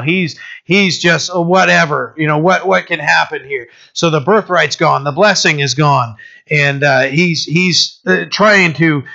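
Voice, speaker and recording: A man's voice: a little high, bright, forceful tone, lo-fi sound. A man teaching a Bible study in a casual, conversational way, with many restarts and fillers.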